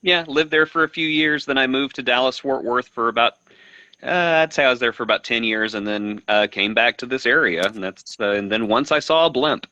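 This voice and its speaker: Laid-back Texan man, bright voice. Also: medium pitch, brisk, no room sound, lo-fi sound. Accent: light Texan. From Texas. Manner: relaxed storyteller, dry humor. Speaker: guest. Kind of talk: casual live-stream chat.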